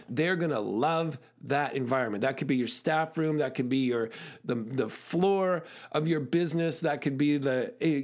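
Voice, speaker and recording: A man giving a motivational talk who tells stories in quick, animated bursts with frequent fillers. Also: a little high. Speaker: speaker.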